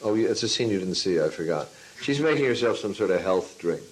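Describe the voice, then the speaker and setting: A man, a film and stage director, answering an interview question as a lively storyteller who acts out his own past lines. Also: low-pitched, brisk, low-quality recording. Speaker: teacher of a class.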